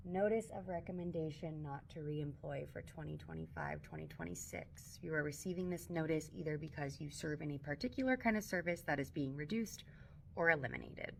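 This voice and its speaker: A woman teacher speaking in a personal video, upset and halting, reading a notice aloud. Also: low-pitched, gravelly, a little hiss or hum.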